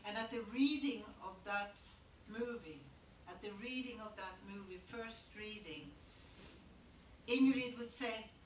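Older actress fielding audience questions, halting and reflective, heard from afar in a roomy hall. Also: female voice, medium pitch, slight background noise. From Norway. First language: Norwegian. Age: 70s. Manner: reflective, halting, with pauses and restarts. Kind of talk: onstage Q&A storytelling. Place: large theater auditorium. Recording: echoey hall, picked up from far off.

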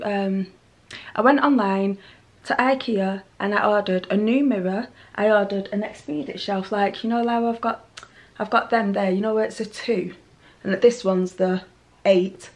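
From her home, a lifestyle vlogger talks casually to the camera, picked up by its handheld mic, in an ordinary middle pitch with a darkish tone at normal speed. She drifts chattily from thought to thought and laughs at her own rambling.

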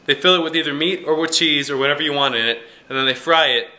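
A man's voice: fairly high pitch, quick pace, sharp tone. A young man chatting on his home vlog, rambling and joking at himself, with lots of fillers. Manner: rambling, jokey and self-mocking, with many fillers. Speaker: vlogger. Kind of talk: casual vlog chat.

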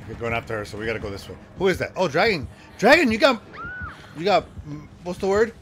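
A man streaming a horror game, reacting with loud exclamations and frequent laughter. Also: on the high side, big pitch swings, fast talker, a little hiss or hum, low-quality recording. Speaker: livestreamer. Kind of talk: excited gameplay commentary.

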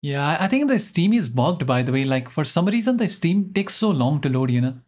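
Excitable young male game streamer. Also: on the high side, a little fast. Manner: excitable, rambling, self-mocking. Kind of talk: live gameplay commentary.

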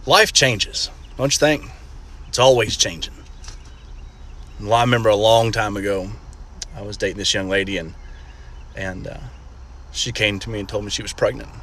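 A man delivering a one-liner in a reflective, deadpan way. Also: lowish voice, normal speed, long pauses, slight background noise.

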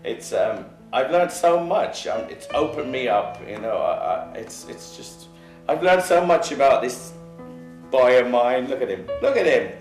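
A man's voice: medium pitch, lively intonation, darkish tone, reverberant, faint music behind, close to an everyday voice. A man playing a rambling Irish Jesus dad. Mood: earnest. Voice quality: halting, rambling, full of restarts. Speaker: reality show star. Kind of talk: comedic film acting.

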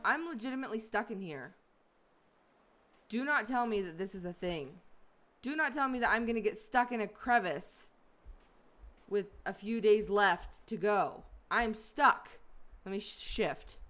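Lively young woman doing gameplay commentary. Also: mid-range voice, a little slow. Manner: chatty, gets loud and frantic when stuck. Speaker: gaming channel host. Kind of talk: let's-play commentary.

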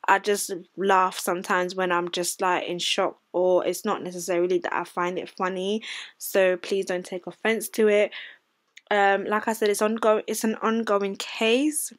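A young woman hosting her own channel, chatting casually as she reads out a news story and comments on it. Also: medium pitch. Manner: chatty, reads an article aloud and comments between passages. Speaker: channel host.

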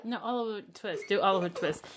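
A woman's voice: mid-range voice, quick pace, over a noisy crowd. A woman in casual family chat, teasing and playfully coaxing a child to do voices.

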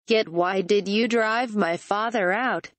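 Young male hero, earnest and forthright, read by a synthetic woman's voice; middle pitch, dry. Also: slow pace, dry recording, lightly acted. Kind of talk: text-to-speech audiobook reading.

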